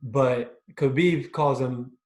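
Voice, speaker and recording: A man's voice: medium pitch, steady tone, slow, darkish tone. A man co-hosting a sports podcast in a casual chat. He keeps checking in with "right?" and hesitates over his words. His voice rings in a roomy, echoey recording. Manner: chatty, leans on tag questions, hesitant with fillers. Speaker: podcast co-host.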